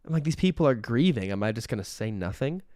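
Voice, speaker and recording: A young man doing a rambling comic monologue, deadpan and self-pitying, sometimes cracking up at himself. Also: medium pitch, fast, no room sound, studio quality. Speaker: comedian.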